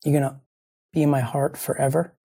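A man hosts his show through fresh grief, holding back tears. His voice is mellow and dark, with a husky, gravelly fry. He rambles earnestly and circles back to the same phrases. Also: a little high, level tone, fairly quick. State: grieving, close to tears. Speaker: show host. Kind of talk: heartfelt monologue to listeners.

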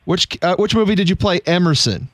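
A male host with a high voice who puts quiz questions to his guest in a deliberate, teasing manner. The sound is dry and close, with no echo. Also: lively intonation, a bit bright. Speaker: interview host. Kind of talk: quiz-style interview questions.

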